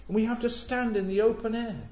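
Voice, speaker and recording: A man preaching a sermon in a church hall, swelling loud on key words and dropping low and soft between them. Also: fairly even intonation, a little fast, a little hiss or hum. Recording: echoey hall, dull lo-fi sound.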